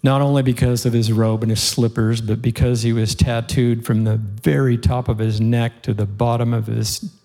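A man's voice: mid-range voice, level tone, normal speed, hardly any pauses. A man preaching, telling a heartfelt story to his congregation in an earnest way. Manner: earnest, heartfelt storytelling with occasional soft laughs. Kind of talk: sermon storytelling.

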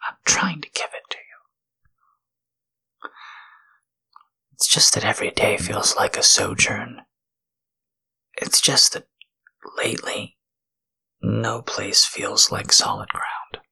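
A man in a whispered role-play, talking in a halting, tender, confessional way with a breathy, gravelly whisper. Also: on the low side, sharp tone. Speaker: podcast host.

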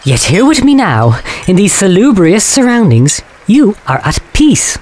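An actor playing a sinister, manipulative male doctor, smooth and insinuating, in a comic audio drama. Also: high-pitched, huge pitch swings, unhurried, a little mellow, exaggerated voice.

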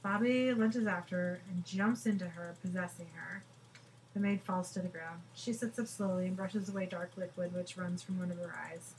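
A woman hosting a podcast, briskly reading out scene descriptions and dialogue from a TV episode in a matter-of-fact way. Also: lowish voice, fairly even intonation, a little mellow, a little hiss or hum, rough recording.

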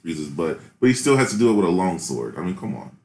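A man on a podcast call, chatting quickly and apologetically. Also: deep voice, sing-song, darkish tone. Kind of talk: casual chat. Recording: roomy remote audio with faint ambience.

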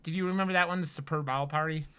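A man's voice: a little high, fairly even intonation, racing, sharp tone, clean tone. A man co-hosting a horror podcast in loose casual chat, rambling with lots of fillers and swearing. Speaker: podcast co-host.

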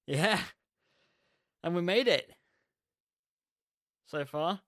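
A man's voice: high voice, animated, very slow, a bit bright, no echo, clean studio sound. A man co-hosting a horror podcast, chatting in a laid-back, wry way into a podcast mic. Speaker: podcast co-host. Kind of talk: casual chat.

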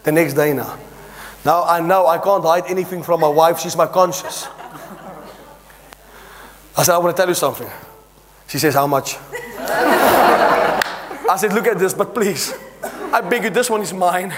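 Animated preacher, high voice. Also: male voice, normal speed, pauses often, long reverb tail, noisy background. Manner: animated, acts out dialogue, laughing asides. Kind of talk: storytelling sermon.

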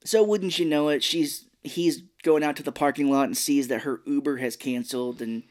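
Male podcast co-host, mid-pitched and easygoing, a casual recapper who mimics the characters for laughs. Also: fairly even intonation, a little mellow. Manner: easygoing storyteller who slips into quick mocking voices of the characters. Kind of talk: casual chat recapping a film.

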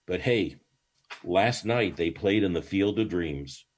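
An older man speaks with a deep, husky voice. He is a rabbi telling stories as a guest in an interview. His delivery is lively and swooping, full of restarts and asides. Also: slow pace. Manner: animated, swooping storyteller with many false starts. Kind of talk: storytelling in a podcast interview.

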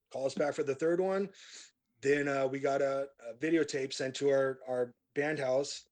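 A middle-aged man, a metal band vocalist, telling his story in a casual interview, laid-back and rambling with lots of fillers and restarts. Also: mid-range voice.

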